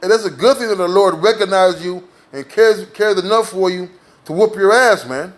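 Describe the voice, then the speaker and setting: A man with a notably high voice delivering a casual sermon. He talks to his listeners like friends, tags his points with "man" and "all right?", and slows into a measured cadence when he reads verses. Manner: informal, peppers lines with "man" and "all right?"; slows down to read scripture aloud. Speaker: preacher. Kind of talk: street-style sermon with scripture reading.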